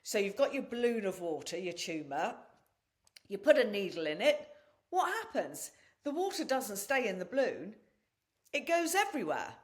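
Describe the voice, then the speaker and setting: A woman guest on a podcast interview, telling her own story in a candid, blunt and animated way, swearing freely. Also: mid-range voice, normal speed. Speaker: podcast guest and wellness practitioner.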